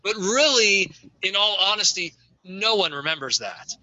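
A man with a high, very bright and forceful voice holds forth in a casual group chat, opinionated and emphatic in long rants. The recording is dry and a little dull, with a lo-fi edge. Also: big pitch swings, moderate pace, dry recording.

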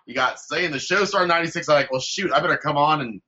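A man's voice: on the high side, quick pace, pushed and bright, slightly rough, lo-fi sound. A man joining a podcast as a guest, joking and teasing the hosts in casual chat.

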